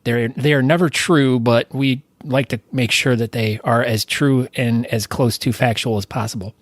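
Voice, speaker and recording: A man hosting a podcast, chatting casually with deadpan jokes. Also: mid-range voice, moderate pace, no echo. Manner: deadpan joking. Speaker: podcast host. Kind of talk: casual chat.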